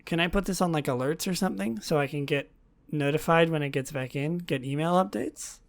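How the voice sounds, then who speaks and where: A woman hosting a solo podcast, chatting in a gushing, excitable way that often drops into soft whispers. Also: deep voice, a little fast. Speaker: podcast host.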